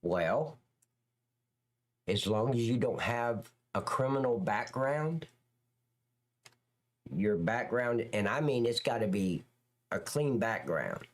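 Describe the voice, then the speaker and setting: A middle-aged man in an ordinary, middle-pitched voice holds forth in a casual livestream chat. He talks bluntly and swears freely, his pitch leaping up and then dropping back down as he rants and answers viewers. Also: animated, takes it slowly, pauses often. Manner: blunt, crude ranting with big swings in pitch. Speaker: livestream host and former police officer.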